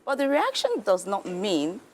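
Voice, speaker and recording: A woman guest on a breakfast TV show who explains child development in an animated way and acts out how parents react. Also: mid-range voice, normal speed, slight background noise. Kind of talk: explanatory studio talk. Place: TV studio.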